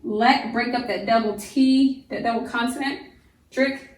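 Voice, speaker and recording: A woman homeschool teacher giving a phonics lesson to young children, stretching out each word slowly and explaining patiently. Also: fairly high pitch, fairly even intonation, far from the mic. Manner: slow, drawn-out sounding of words, patient explaining. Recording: echoey room, voice off-mic.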